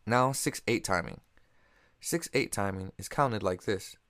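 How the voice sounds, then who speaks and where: A man narrating a scripted music theory lesson, explaining in a steady, measured way and counting beats aloud. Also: on the low side, no echo, studio quality. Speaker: music teacher.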